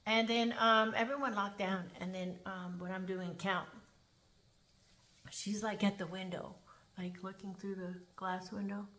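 A woman corrections officer tells a story from her job in a casual, animated way, leaning on "like" and "um". Her voice sits at a middle pitch and sounds bright and crisp. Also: measured pace. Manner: chatty, animated, with fillers like "like" and "um".

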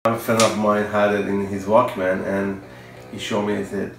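Low-voiced man in a roomy echo. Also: fairly even intonation, normal speed. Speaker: fan interviewee. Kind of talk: recalling a memory in an interview. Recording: roomy echo with music behind.

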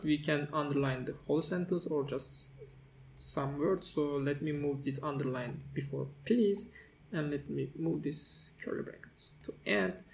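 A man with a somewhat high, gravelly voice walks through a coding tutorial step by step. He talks as he types, pausing on fillers and correcting himself. Keyboard clicks sit behind his voice. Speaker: tutorial host. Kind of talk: screen-recorded coding tutorial.

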